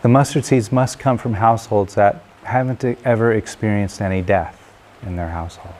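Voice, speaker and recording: A man voicing a calm, compassionate Buddha giving measured instructions in a told story. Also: lowish voice, natural voice.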